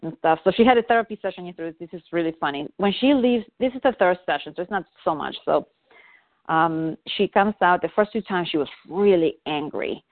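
A woman's voice: fairly low pitch, brisk, no room sound. A woman, a parent, talking candidly on a call, rambling and self-reflective with many fillers and restarts. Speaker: parent seeking guidance. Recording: dry, tinny phone line.

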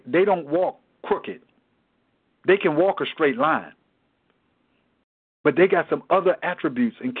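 Husky, emphatic preacher man on a tinny line. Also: a little high. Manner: emphatic, repetitive exhortation. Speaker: Bible study teacher. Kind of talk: preaching-style Bible study. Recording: tinny phone-like sound.

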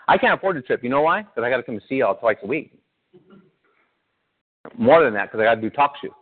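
A man's voice: mid-range voice, lively intonation, fast talker, husky. A male pastor, preaching to his congregation in a conversational way and throwing questions at them. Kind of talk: sermon. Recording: tinny phone-like sound.

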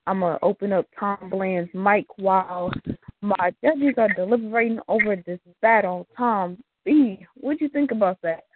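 A man's voice: sits high, normal speed, no echo. A man hosting an online rap battle, talking in hyped, casual slang. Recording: tinny phone-like line with faint noise.

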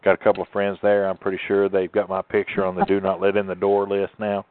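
A man's voice: low-pitched, completely flat delivery, fast, background noise. A man hosting a talk show, a pastor speaking with emphatic, sermon-like conviction and drawing out key words. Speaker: host and pastor. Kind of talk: preachy radio talk. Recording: tinny phone line, dry.

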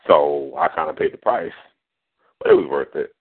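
Very deep-voiced man on radio. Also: huge pitch swings, normal speed, vocal fry, slightly rough. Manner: conversational, repeats "you know what I'm saying". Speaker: radio show host. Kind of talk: casual radio chat about poetry. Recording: phone-like radio audio.

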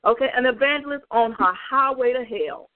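A woman's voice: a little high, moderate pace. A woman giving fervent testimony over a tinny phone line. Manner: fervent, emphatic, talks straight to listeners. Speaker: evangelist. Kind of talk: spoken testimony on a prayer call.

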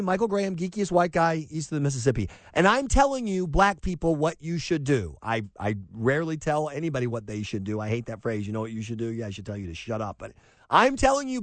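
A man's voice: high-pitched, no echo. A middle-aged man hosting a talk radio show, delivering an emphatic, opinionated monologue with sarcastic asides.

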